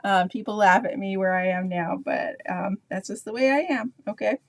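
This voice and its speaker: A woman's voice: medium pitch, moderate pace, dry recording. Chatty Canadian woman teaching painting. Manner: chatty, rambling with many ums and asides. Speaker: painting instructor. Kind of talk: live painting tutorial, chatting with viewers.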